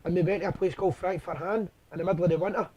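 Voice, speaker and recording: A man hosts a relaxed chat, his voice sitting high. He tells his stories with frequent "aye" and "right?" tags, in an easy, anecdotal way. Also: very fast, husky. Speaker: host. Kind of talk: casual chat, storytelling.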